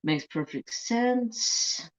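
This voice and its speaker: A man with a very high, expressive voice speaks very slowly while hosting a craft livestream. His casual chat is blunt and full of swearing, and the stream audio sounds dull and lo-fi.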